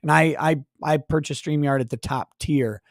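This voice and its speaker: Reading viewer messages on his live stream, this man fires off profane, mock-ranting replies at the chatters. He speaks at a moderate pace in a slightly high voice. The sound is clean studio audio with a dry recording.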